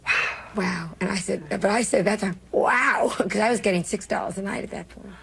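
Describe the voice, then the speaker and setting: A woman's voice: mid-range voice, moderate pace, gravelly, fairly bright tone. An older woman with a New York accent, a comedian telling brash, self-mocking stories in an interview. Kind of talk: candid interview storytelling.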